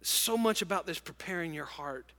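A middle-aged man preaching a sermon to a congregation, telling stories in an animated, emotional way. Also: fairly high pitch, moderate pace. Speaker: pastor. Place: large church auditorium with congregation. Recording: long church hall reverb.

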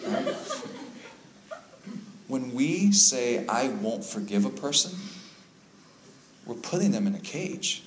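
A man's voice: mid-range voice, sing-song, slow, long pauses. A man preaching a youth sermon, telling stories and building to fervent emphasis. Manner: storytelling, rising to fervent emphasis. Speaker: youth pastor. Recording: echoey room with faint ambient noise.

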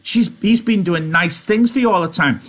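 A nagging old aunt scolds in a raised, husky voice, as a male reader puts her on. She is reproachful and sharp-tongued, like a storybook relative who never lets a fault go. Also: high voice, moderate pace, pitched above the performer's own voice. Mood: scolding. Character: scolding elderly aunt, as imagined by a simple man.

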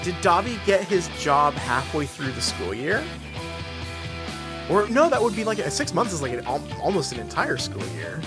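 A woman's voice: deep voice, very animated, moderate pace, over music. A woman co-hosting a podcast, chatting casually, rambling and correcting herself as she talks things through, and sometimes reading aloud. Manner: rambling, self-correcting, laughing. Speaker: podcast co-host.

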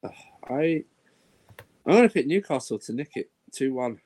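A man's voice: medium pitch, moderate pace. A man with an everyday mid-range voice talks through his football picks in a casual chat. He rambles, doubles back and sighs as he goes. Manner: relaxed, rambling predictions.

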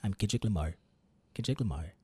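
A man doing a husky, boastful rapper impression. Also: lowish voice, animated, brisk, darkish tone, no room sound. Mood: mock boastful. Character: impression of a famous male rapper, deep and gruff. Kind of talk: mock celebrity impression.

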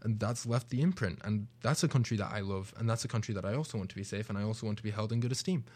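A young co-host from Britain, with a British accent, races along in a low, slightly mellow voice during a casual radio discussion. He's earnest and reflective, accelerating as he makes his points.

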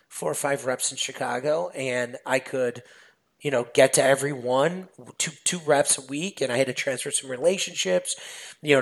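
A man's voice: a little high, gravelly. A man guest on a podcast, a sales manager chatting casually and telling stories with lots of fillers. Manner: animated storytelling, many fillers.

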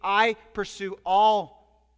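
A male pastor preaching in an animated, storytelling manner. His voice is high for a man and carries a long hall reverb around it. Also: extremely slow, clear, resonant tone. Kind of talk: sermon.

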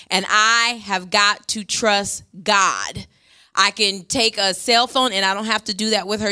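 A woman's voice: mid-range voice, bright, forceful tone, smooth. A middle-aged woman pastor preaching a sermon in a church, emphatic and passionate, her voice swelling as she makes her points.

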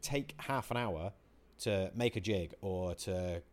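A man's voice: deep voice, slow. A man co-hosting a casual podcast chat, swearing freely and acting out his own outbursts as he talks. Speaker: podcast co-host.

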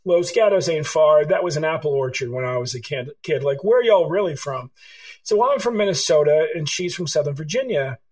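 A man's voice: on the high side, fairly quick, rough recording. Middle-aged guy from california, raised voice, tells stories and does all the voices. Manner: animated storyteller, acts out dialogue. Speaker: author and guest. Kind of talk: storytelling interview answers.

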